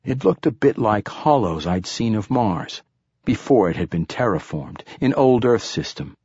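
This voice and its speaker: A man narrating a first-person audiobook in a steady, even storytelling manner. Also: fairly low pitch, moderate pace, husky, dry recording, clean studio sound.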